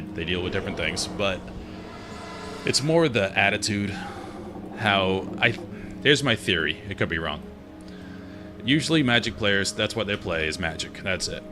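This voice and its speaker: A man streaming a game while chatting casually in a relaxed, rambling, opinionated way. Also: deep voice, normal speed, noisy background. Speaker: gaming streamer. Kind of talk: casual chat while playing. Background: game music.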